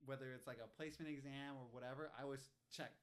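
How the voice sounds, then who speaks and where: A man's voice: mid-range voice, steady tone, quick pace. A man in an easygoing chat, with an ordinary mid-range voice. He tosses in short agreements and now and then drifts into a personal story. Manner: chatty, frequent short agreements. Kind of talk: casual movie discussion.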